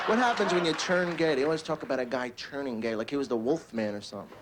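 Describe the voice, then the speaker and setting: A man's voice: mid-range voice, quick pace, few pauses, very noisy. A man from Philadelphia doing a stand-up routine in a mock-earnest, exaggerated manner. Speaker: stand-up comedian. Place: comedy club stage. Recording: live comedy club with crowd laughter.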